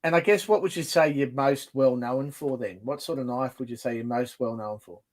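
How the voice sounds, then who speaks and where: A man hosting a podcast, asking questions in a relaxed casual interview. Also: mid-range voice, brisk, low-quality recording. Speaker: podcast host.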